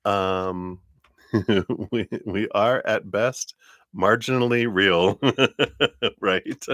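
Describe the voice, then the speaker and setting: A man's voice: on the low side, fairly even intonation, extremely slow, fairly bright tone, no room sound. A man hosting a live tarot stream in a casual, chatty way, with many fillers and frequent laughs.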